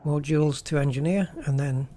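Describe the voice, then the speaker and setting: A man's voice: on the high side, fairly even intonation, fairly quick, warm tone, a little hiss or hum. A man hosting a gaming channel, chatting casually and thinking aloud as he plays. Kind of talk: casual gameplay commentary.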